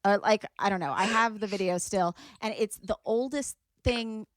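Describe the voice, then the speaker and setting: A woman's voice: mid-range voice, moderate pace, no echo, studio quality. A woman in her thirties, a comedian hosting a podcast, chatting casually and animatedly and often laughing. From United States. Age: 30s. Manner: animated, laughs often, slips into playful voices.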